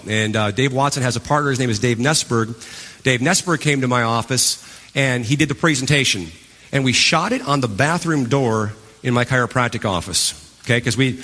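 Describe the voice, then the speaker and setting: A man giving a live stage talk to an audience, telling his story with animated energy and acting out his past reactions. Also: mid-range voice. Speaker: motivational speaker. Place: large event hall. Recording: long hall reverb.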